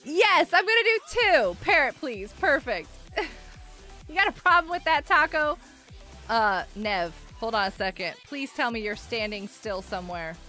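A woman's voice: sits high, very animated, a little slow, bright, forceful tone, soft background music. A woman live streaming and chatting with her viewers in a bubbly, giggly way while nursing a headache. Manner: bubbly, giggly, talks to chat. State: has a headache.

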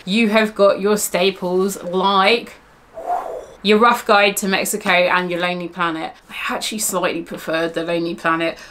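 A woman's voice: medium pitch, a bit bright, slight background noise. A young woman gives travel tips in a casual vlog. She talks in a chatty, candid way, full of asides and "like". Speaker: travel blogger.

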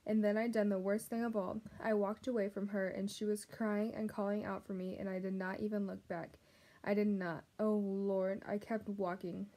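A woman voicing a remorseful old male prisoner with plain, rough country speech. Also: medium pitch, level tone, moderate pace, dark tone, close to an everyday voice. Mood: confessing.

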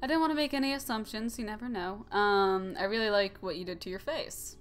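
A woman's voice: mid-range voice, fairly quick, smooth, faint music behind. A young woman hosting a let's play, rambling and joking as she comments on a game. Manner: giggly, joking, rambling asides. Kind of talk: casual gameplay commentary.

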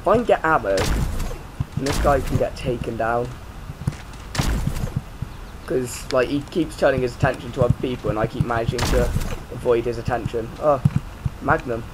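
A man's voice: mid-range voice, moderate pace, pauses often, background noise. A man giving let's play commentary, jumpy and prone to swearing, yelping and shrieking when startled. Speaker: gaming YouTuber.

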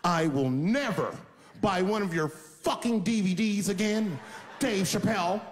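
Snooty indignant lady, as a comic puts her on, slow and haughty, echoey hall. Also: sits low, darkish tone, pitched below the performer's own voice. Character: condescending, indignant pregnant woman. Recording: live hall with long reverb.

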